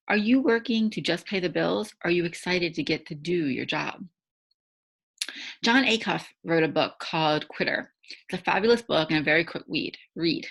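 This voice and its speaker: A woman's voice: lowish voice, gravelly, fairly bright tone, slightly rough, poor audio. A woman hosting a faith-based challenge, giving a devotional teaching talk in a conversational way and often checking in with tag questions.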